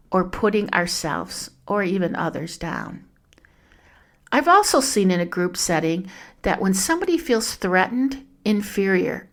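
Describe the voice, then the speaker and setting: A woman hosts a devotional podcast, talking to her listeners as friends. She speaks slowly and thoughtfully at a moderate pitch, with a gentle, musing manner. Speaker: podcast host.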